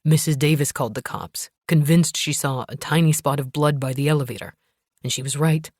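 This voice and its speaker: A tense young husband, blunt and worried, his lines pushed down low, as a woman narrator voices him. Close and dry, with no room around it. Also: brisk, a little mellow, slightly rough, dry recording.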